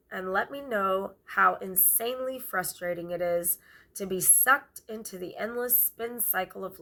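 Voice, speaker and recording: A woman reads a book aloud in an amateur, unpolished way, taking it slowly. Her voice is bright with a gravelly edge. She stumbles over words and goes back to correct herself. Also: medium pitch. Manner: halting reading with stumbles and self-corrections. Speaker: vlogger reading a memoir aloud.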